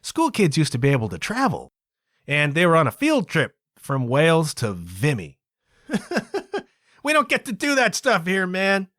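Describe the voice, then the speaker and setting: A man's voice: on the high side, huge pitch swings, normal speed, a bit bright, dry recording, clean studio sound. A man from Canada hosting his own podcast, talking in a chatty, digressive way and tagging his points with asides like "okay?" and "kids". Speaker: podcast host. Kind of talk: casual solo podcast monologue.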